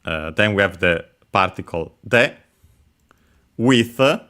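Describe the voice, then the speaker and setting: A low-pitched man talks slowly, teaching language points step by step. He hesitates often and fills his pauses with drawn-out filler sounds. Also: lively intonation, sharp tone. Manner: hesitant, many filler sounds, careful and methodical. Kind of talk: explaining Japanese words while playing a game.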